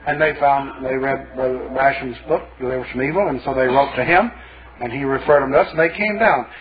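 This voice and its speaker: A man's voice: medium pitch, a little fast. A male pastor preaching a sermon in a folksy, colloquial storytelling manner. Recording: lo-fi phone-like sermon tape.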